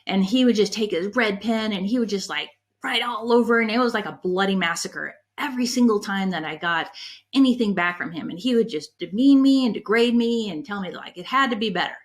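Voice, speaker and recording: A middle-aged woman giving a conference talk on leadership, an animated storyteller who is candid and emotional about her past. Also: mid-range voice, brisk. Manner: animated storyteller, acts out quoted people in her anecdotes. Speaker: conference breakout speaker on leadership.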